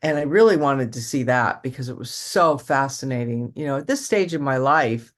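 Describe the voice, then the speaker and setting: A woman's voice: a bass voice, animated, moderate pace. An older woman talks casually as an interview guest. She tells long, rambling stories, restarting her sentences and acting out little quotes as she goes. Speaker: actress guest.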